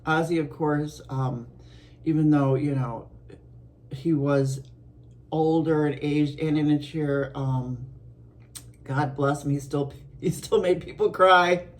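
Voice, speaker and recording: A middle-aged woman from Buffalo, New York, chatting casually to her viewers as an art vlogger, rambling along with soft laughs and restarts. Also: low-pitched, steady tone, slow pace, pauses often. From Buffalo, New York, USA.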